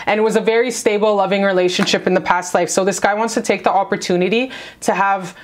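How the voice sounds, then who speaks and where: A woman's voice: medium pitch, steady tone, quick pace. A woman giving a casual spiritual love reading to camera, brash and profane, hyping up the viewer. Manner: brash, profane, hyped-up pep talk. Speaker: tarot reader.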